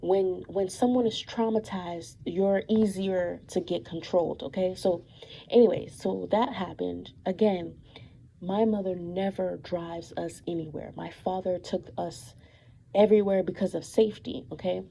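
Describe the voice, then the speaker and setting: A woman's voice: fairly low pitch, fairly even intonation, a little slow, vocal fry, warm tone, a little hiss or hum, low-quality recording. A young woman telling a long story about her mother in a casual monologue, emphatic and repetitive with many fillers and an accusing edge.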